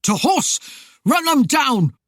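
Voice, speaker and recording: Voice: high-pitched, very animated, takes it slowly, no echo, clean studio sound, voice pushed up, exaggerated voice. The narrator of a storybook voicing a furious male outlaw leader who bellows orders at his men.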